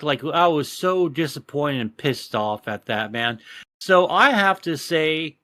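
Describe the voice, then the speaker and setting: Man, profane and animated, slightly high voice, dry sound, for a casual podcast. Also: a little slow, no echo. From Texas. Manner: profane, animated ranting storyteller. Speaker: podcast co-host.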